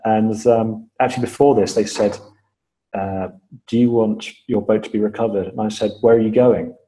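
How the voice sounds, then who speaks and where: A man's voice: lowish voice, fairly even intonation, normal speed, warm tone, poor audio. A man being interviewed on a podcast, telling his story step by step with frequent fillers and repeated phrases for emphasis. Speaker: podcast guest.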